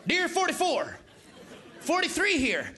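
A man doing a stand-up impression of a folksy former president, halting and tongue-tied on stage. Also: very high voice, wildly swooping pitch, very noisy, voice pushed up, heavily acted. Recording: live club mic with loud crowd.

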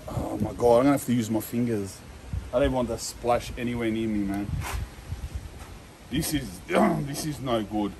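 A young man vlogging a food challenge in a loud, slangy way, full of exaggerated disgust. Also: mid-range voice, normal speed, creaky, noisy background. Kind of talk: casual vlog.

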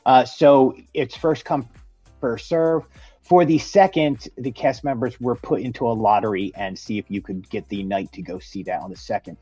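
A man's voice: mid-range voice, moderate pace, mellow, breathy edge, no echo, faint music behind. A man co-hosting a casual news podcast, reading items aloud with fillers and small slips. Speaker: podcast co-host. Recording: dry, dull lo-fi podcast audio.

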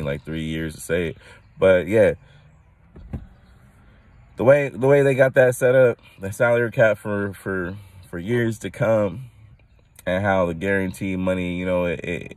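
A man hosting his own podcast, talking loosely and excitedly, rambling with restarts and laughing at his own jokes, a bit tired from little sleep. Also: low voice, no room sound. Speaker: podcast host. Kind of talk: casual solo podcast rant.

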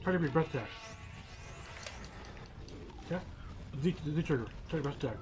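A man co-hosting a casual game playthrough, joking, laughing often and breaking into excited exclamations. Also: on the high side, moderate pace, over music. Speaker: let's play co-host. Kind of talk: casual gameplay chat.

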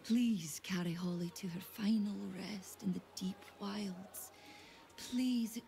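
A mournful video game woman who begs in a whispered role-play. Her hushed voice is dark and gravelly, and she drags each word out slowly. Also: mid-range voice, a little hiss or hum. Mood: pleading.

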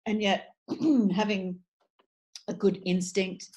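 A woman's voice: mid-range voice, steady tone, slow pace, a little mellow, lo-fi sound. A middle-aged woman with an Australian accent, a voice and dialect coach talking casually and articulately in an interview, restarting phrases as she thinks aloud.

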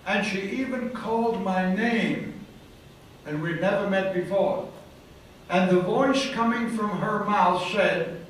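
Slow, high-voiced male preacher in an echoey hall. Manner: dramatic, vivid storyteller. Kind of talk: dramatic storytelling sermon. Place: hotel event hall. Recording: echoey hall from far off, faint noise.

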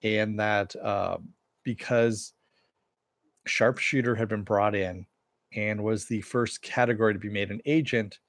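Male reviewer, low register, dry mic, casual chatty recap with lots of "uh"s. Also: fairly even intonation, measured pace, no room sound. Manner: rambling, many "uh"s and "in the meantime"s. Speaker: TV episode reviewer.

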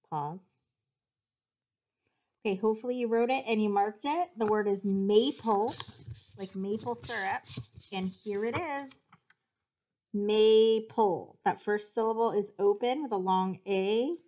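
Slow, patient woman teaching spelling. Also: mid-range voice, darkish tone. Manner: patient, slow and deliberate, sounding out syllables. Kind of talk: recorded spelling dictation lesson.

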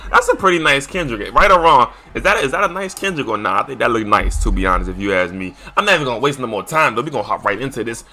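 A young man commentating a wrestling video game as he plays it, excitable and slangy, shouting and trash-talking at the screen. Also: medium pitch, fast, few pauses. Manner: loose slangy casual speech. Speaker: gaming YouTuber. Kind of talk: live gameplay commentary.

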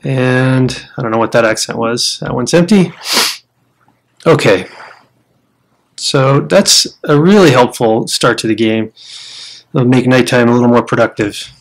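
An American man giving casual commentary on a survival game, chatting and explaining each step to viewers as he plays, sometimes breaking into loud startled exclamations. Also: medium pitch, unhurried, long pauses. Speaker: gamer showing a survival game.

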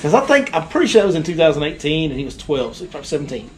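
Animated male fishing guide, casual storyteller, slightly high voice, faint noise. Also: rapid-fire. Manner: animated, acts out the people in his story.

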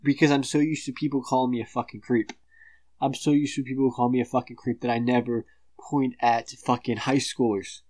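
A man's voice: mid-range voice, level tone, brisk, darkish tone, no echo. A man ranting into the camera, blunt, crude and defensive, swearing constantly. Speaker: vlogger. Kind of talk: profane rambling rant.

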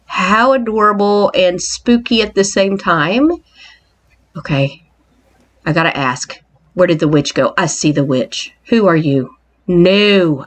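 A woman hosting a playful island tour in a game, excitable and mock-scared, exclaiming often. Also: mid-range voice. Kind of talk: playful game walkthrough narration.

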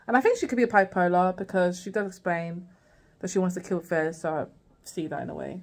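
A woman's voice: fairly low pitch, brisk. A woman vlogging a casual, rambling recap of a TV series, full of "like" and "girl" asides.

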